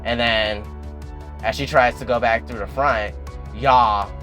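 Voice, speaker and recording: A man's voice: medium pitch, steady tone, takes it slowly, pushed and bright, soft background music. A man recapping a TV episode in a chatty, casual way, filling his talk with "like" and "and everything". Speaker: TV recap vlogger.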